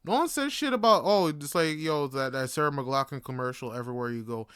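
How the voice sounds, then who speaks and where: A man's voice: on the high side, fairly quick, fairly bright tone, smooth, dry recording, clean studio sound. A young man from Canada hosting a podcast, talking in a laid-back, rambling way full of fillers and swearing. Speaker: podcast host. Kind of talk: casual monologue.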